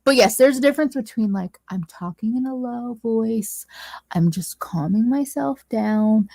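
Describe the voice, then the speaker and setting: A woman's voice: on the high side, creaky, dark tone, no echo. A woman chatting casually with a friend. She starts over often, fills her talk with "like," and jokes around. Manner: halting, many restarts and "like"s, playful. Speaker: guest friend.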